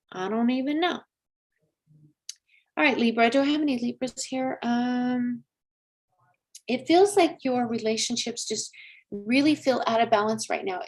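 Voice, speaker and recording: A middle-aged woman doing a live psychic reading, chatty and coaxing, calling viewers honey and girl. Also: fairly high pitch. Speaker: psychic medium. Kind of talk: live-stream astrology reading.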